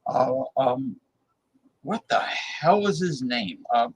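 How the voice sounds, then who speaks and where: On a poor recording with a bit of hiss or hum, a New Jersey man hosts a casual talk show, speaking slowly at medium pitch with lively intonation. He rambles and hesitates constantly, filling gaps with fillers while hunting for words.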